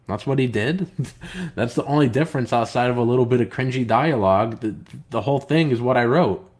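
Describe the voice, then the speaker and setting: A man's voice: mid-range voice, a little fast, darkish tone. A man hosting a casual live stream, reading viewer comments aloud and talking in a rambling, hesitant way with lots of filler words and an aggrieved, complaining tone. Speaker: comic book writer and live stream host.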